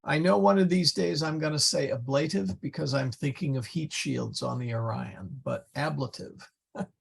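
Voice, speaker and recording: A man teaching a Latin class, explaining slowly and patiently with many fillers. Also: fairly high pitch, creaky, slightly rough. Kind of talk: online class lecture.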